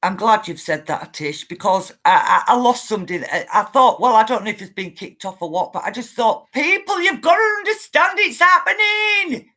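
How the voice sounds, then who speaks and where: A woman's voice: medium pitch, a little fast, hardly any pauses, a bit bright. A middle-aged woman, earnestly telling viewers an emotional story and insisting that it is true. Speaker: spiritual livestreamer.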